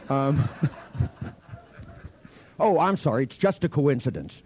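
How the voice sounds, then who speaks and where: A man's voice: mid-range voice, animated, slow pace, a little mellow, a little hiss or hum. A man teaching a hypnosis seminar to a live audience, telling anecdotes in a blunt, profane, teasing way. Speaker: hypnosis instructor.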